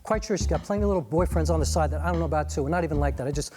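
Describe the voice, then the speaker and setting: A man's voice: on the high side, very fast, lightly acted. An actor in his thirties playing Jamal, a brash young man who swears constantly in scripted drama dialogue. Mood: defensive. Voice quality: profane, streetwise banter. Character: brash, crude young man, Saint's buddy. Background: music.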